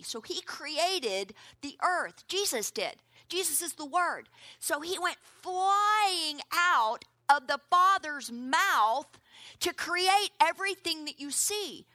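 A middle-aged woman preaching a sermon in an animated way, often calling out to her listeners. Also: sits high, dry recording. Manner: animated, calls out "come on" to the crowd.

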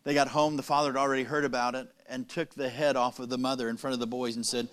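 A man preaching a sermon, telling a story with dramatic pauses and quick, punning asides. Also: medium pitch, little pitch movement, fairly bright tone.

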